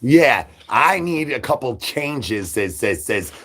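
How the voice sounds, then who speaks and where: A man's voice: mid-range voice, big pitch swings, takes it slowly, few pauses, fairly bright tone. A man hosting a livestream, rambling in a hungry zombie persona with repetitive sing-song catchphrases and crude jokes. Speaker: livestream host.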